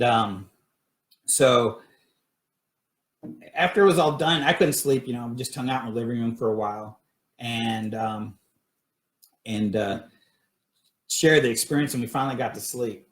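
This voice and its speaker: A man's voice: mid-range voice, a bit bright, echoey room. A man casually telling a personal story on a livestream, rambling with many fillers and restarts. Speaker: paranormal research group director. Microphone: phone or webcam livestream.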